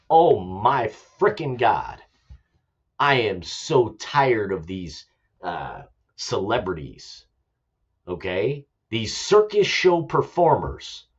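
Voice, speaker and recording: A man's voice: mid-range voice, slightly rough, dull audio. A man hosting his own show, ranting about politics in an impassioned, repetitive way and swearing for emphasis. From United States. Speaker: show host, army veteran.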